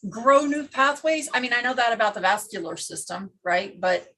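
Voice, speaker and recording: Husky woman telling a story on a video call. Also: on the high side, expressive, moderate pace, bright, forceful tone, poor audio. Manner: earnest storyteller, restarts and repeats words. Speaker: participant in a craft video call. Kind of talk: casual chat.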